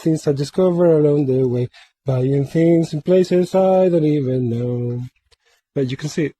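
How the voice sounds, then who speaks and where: A man's voice: on the high side, dark tone, no room sound. A man sculpting a mask and chatting casually in a playful, rambling way, often repeating words in a sing-song. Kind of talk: casual workshop vlog.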